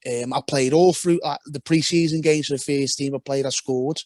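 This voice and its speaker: A talkative man tells his story in a loose, rambling way, often restarting his sentences. His voice sits fairly high for a man, and the recording is close and dry, with no room sound. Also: fairly even intonation, normal speed, a little mellow, no echo. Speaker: podcast guest, former footballer. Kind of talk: casual podcast conversation.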